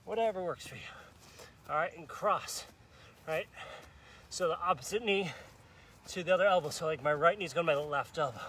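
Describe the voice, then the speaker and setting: A man's voice: fairly high pitch, moderate pace, long pauses, fairly bright tone, a little hiss or hum. Upbeat, breathless male workout coach. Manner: upbeat, urging viewers on with countdowns. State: out of breath, sweating. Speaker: fitness instructor. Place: outdoors in a park on grass.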